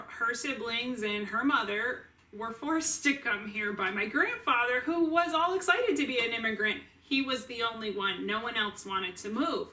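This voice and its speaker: A middle-aged woman with a fairly high, bright voice talks in a chatty, earnest way, often restarting and adding asides. She sounds set back from the mic in a roomy, echoey space. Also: far from the mic. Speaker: family caregiver vlogger. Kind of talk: casual storytelling to camera.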